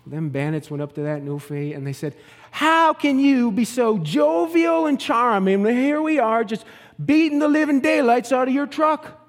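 A man putting on a jolly Newfoundland yarn-spinner. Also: long reverb tail. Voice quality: high, loud, animated telling with drawn-out words. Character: jovial male Newfoundland joke-teller, folksy storyteller.

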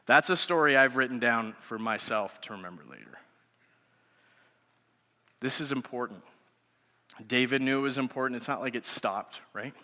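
A man's voice: mid-range voice, normal speed, long pauses, sharp tone. A man in his thirties, a youth pastor, giving a sermon through conversational storytelling. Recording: echoey hall reverb.

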